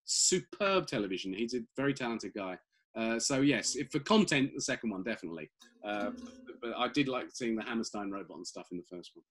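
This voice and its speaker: A middle-aged British man chatting as an interview guest, quick and full of restarts and repeated words. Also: mid-range voice, lively intonation. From Britain. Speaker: guest comic writer. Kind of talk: casual interview chat.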